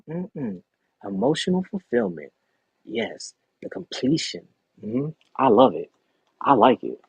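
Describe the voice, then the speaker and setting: Husky, lively male tarot reader. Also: on the high side, no room sound. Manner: animated, encouraging, talks straight to the listener; murmurs and hums while reading cards. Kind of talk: live-streamed tarot reading.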